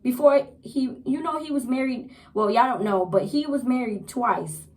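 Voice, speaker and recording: A young woman casually recapping a TV episode, chatty and animated, repeating herself as she goes. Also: sits high, normal speed, rough recording. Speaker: TV show reviewer.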